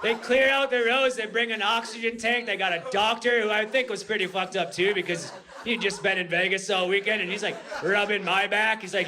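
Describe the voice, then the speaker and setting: A male stand-up comedian telling a rambling story on a comedy club stage, dropping low and quiet before building up to shouting. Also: steady tone, fairly quick, a crowd in the background. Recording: live club recording with audience noise.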